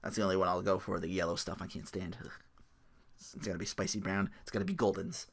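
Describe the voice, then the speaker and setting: A man's voice: deep voice, fairly even intonation, fast talker, creaky, breathy edge. A young man hosting a casual solo podcast, rambling, swearing freely and often breaking into laughter. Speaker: podcast host.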